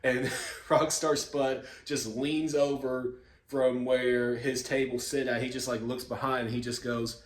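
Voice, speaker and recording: A man hosting his own video channel, telling stories in a relaxed, rambling way with lots of fillers and chuckles. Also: medium pitch, measured pace. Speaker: YouTube host. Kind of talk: casual vlog storytelling. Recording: echoey room.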